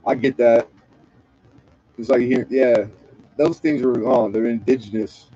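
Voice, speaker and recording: A man's voice: medium pitch, steady tone, a little slow, warm tone, husky, dry recording, lo-fi sound. A man from Southern California rambling and joking with profanity in a casual late-night livestream chat. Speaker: livestream host.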